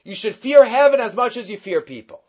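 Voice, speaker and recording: A man's voice: extremely high pitch, expressive, a little fast, dull audio. A man giving a Torah class, retelling stories and weaving Hebrew quotations into his English. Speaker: Torah teacher.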